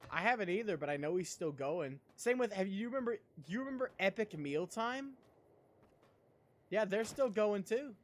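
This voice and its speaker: Young guy streaming, kinda high voice, rambles and swears a bunch, laughs a lot. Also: animated, normal speed. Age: young adult. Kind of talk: casual live-stream chat.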